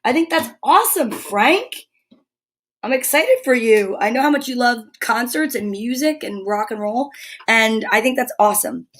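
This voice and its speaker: An older woman with a slightly high voice chats at normal speed on a relaxed live stream from home. Between talking to viewers, she slips into fond baby talk with her dog.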